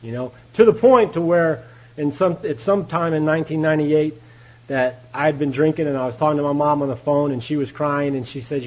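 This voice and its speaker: A man's voice: on the high side, a little fast, a little mellow, rough recording. Folksy man telling his story. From Texas. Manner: folksy, candid storytelling with laughs. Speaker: AA meeting speaker. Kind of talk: recovery talk at a meeting. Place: meeting room.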